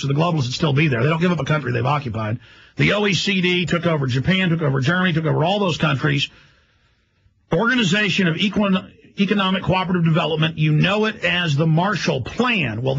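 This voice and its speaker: A man hosting a radio show, delivering a rapid, emphatic, rambling monologue. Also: fairly high pitch, vocal fry, a bit bright, husky, lo-fi sound.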